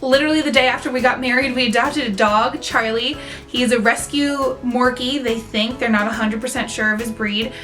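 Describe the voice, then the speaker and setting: A woman's voice: fairly high pitch, fairly even intonation, normal speed, a bit bright, faint music behind. A young woman from central Pennsylvania chatting to camera in a bubbly, self-mocking way. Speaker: vlogger. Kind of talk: casual chat to camera.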